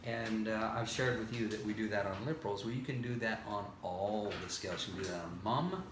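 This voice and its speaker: A man's voice: lowish voice, a little fast, roomy sound, noisy background. A vocal coach, a man with a tired voice, teaching singing and breaking into sung scales and held vowels. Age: older. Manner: explains then demonstrates scales and sustained sung vowels. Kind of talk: singing lesson with vocal demonstrations.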